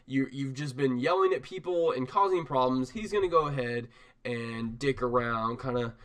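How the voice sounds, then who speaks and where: A man narrating as game master of a tabletop game, animated and rambling, laughing often. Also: medium pitch, moderate pace.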